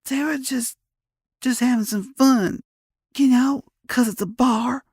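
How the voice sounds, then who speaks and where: Woman voicing a drunk girl in a bar, slurry and husky, dry close sound. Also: sits high, slow pace, a little mellow, dry recording, heavily acted. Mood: slurred indignant. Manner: slurred, drowsy speech. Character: drunk young woman, sulky and defiant.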